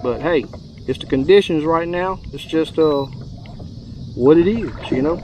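A man's voice: fairly high pitch, unhurried, a little mellow, a little hiss or hum. A man, chatting casually to viewers while fishing from a boat on a lake. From Texas. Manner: chatty, drawling, addresses viewers as y'all. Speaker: fishing guide. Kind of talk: casual fishing vlog commentary.

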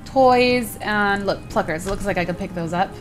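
A woman's voice: medium pitch, normal speed, soft background music. A woman hosting a gaming video, chatting casually to viewers as she plays and sometimes exclaiming in surprise. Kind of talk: casual let's play commentary.

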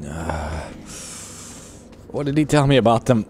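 A man commenting on his own gameplay in a lively, jokey way. He swings widely between mutters and excited yells at enemies. A faint game ambience sits behind him. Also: fairly low pitch, measured pace, slight background noise. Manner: jokey and exclamatory, shouting at enemies. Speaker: gaming video host. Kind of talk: let's play commentary.

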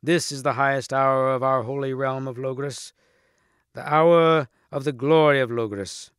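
A man's voice: mid-range voice, fairly even intonation, a little slow, a bit bright, smooth, dry recording, lightly acted. Stately storybook king, grave and ceremonial, read by a man, dry and close. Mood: solemn. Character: stately, solemn medieval king.

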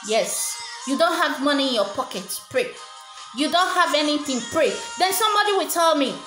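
A woman's voice: high-pitched, expressive, normal speed. A woman giving an earnest encouraging sermon, often repeating words for emphasis. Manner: earnest, repeats words and stumbles when stressing. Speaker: preacher. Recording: echoey room with faint music.

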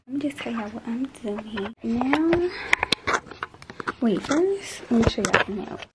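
A woman's voice: fairly high pitch, expressive, a little slow. Chatty teen girl, half-whispering. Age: late teens. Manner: chatty, often drops to a whisper. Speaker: vlogger. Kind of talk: casual vlog chat to camera. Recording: noisy phone recording.

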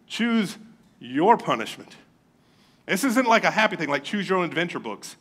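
This Florida pastor has a high voice and talks fast as he delivers his sermon in church. Full of energy, he tells humorous tales about growing up, animated and playful throughout.

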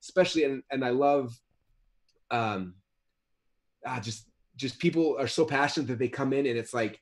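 A man's voice: mid-range voice, normal speed. A man in his thirties, a guest author in a casual interview, talking in a rambling way with many restarts and repeated words.

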